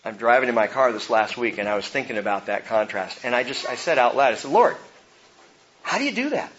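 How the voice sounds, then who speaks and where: Bright-voiced pastor preaching with drama. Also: male voice, mid-range voice, steady tone, fast talker, highs cut off, a little hiss or hum. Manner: dramatic, swings from hushed to emphatic. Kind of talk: sermon.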